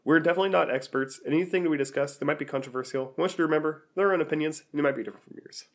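A man's voice: a little high, racing. A man co-hosting a casual podcast, congested from a sinus infection, rambling with frequent ums and restarts. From US Pacific Northwest. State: congested, stuffed up. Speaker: podcast co-host. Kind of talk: casual chat.

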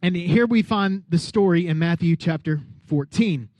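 A man's voice: high voice, normal speed, no room sound. A man preaching a sermon as pastor, acting out Bible scenes and asking the crowd questions. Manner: lively, acts out Bible characters, asks the crowd questions.

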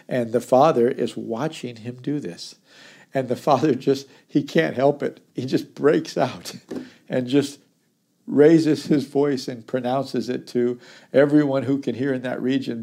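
A man's voice: mid-range voice, steady tone, takes it slowly, creaky, mellow. A middle-aged man, a pastor, teaching a daily Bible study, reading verses and explaining them earnestly.

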